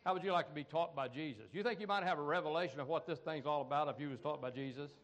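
Folksy preaching man, fairly high voice. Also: very fast, fairly bright tone, highs cut off. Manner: folksy, call-and-response asides, frequent "amen" and "come on". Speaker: pastor. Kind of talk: sermon.

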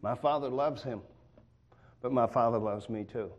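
A man's voice: medium pitch, moderate pace, lo-fi sound. A man preaching a sermon in a church, folksy and joking in a conversational way.

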